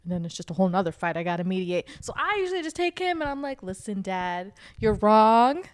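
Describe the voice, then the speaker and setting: A young woman in casual chat among friends, telling stories in an animated way and acting out the people she quotes. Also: mid-range voice, very fast, no room sound, clean studio sound. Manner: animated storyteller, acts out quotes.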